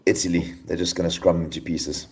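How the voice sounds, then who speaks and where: A man's voice: low-pitched, flat delivery, brisk, a little mellow. A man giving his views as a rugby pundit on a podcast over a video call, rambling a bit and saying "kind of" often. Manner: rambling, says "kind of" a lot. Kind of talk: casual panel chat.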